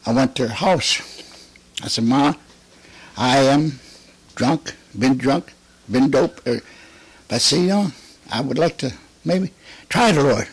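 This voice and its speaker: A man's voice: medium pitch, breathy edge, dry recording. A man giving a fervent spoken religious testimony. He laughs often between phrases and repeats key phrases with rising emphasis.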